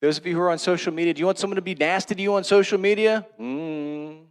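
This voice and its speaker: A middle-aged pastor preaches very fast in a high-pitched voice, telling his sermon like a conversation and swinging from loud, emphatic lines to hushed ones.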